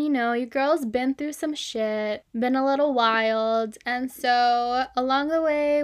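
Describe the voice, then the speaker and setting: A woman in her twenties hosting a casual solo podcast, talking frankly, swearing freely and laughing often. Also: a little high. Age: 20s. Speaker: podcast host.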